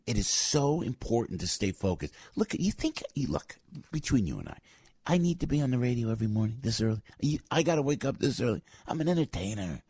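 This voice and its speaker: Clean studio sound with no echo captures an older morning radio host on a studio microphone. His husky, mid-range voice moves a little fast through a fired-up, rambling monologue full of restarts and fillers.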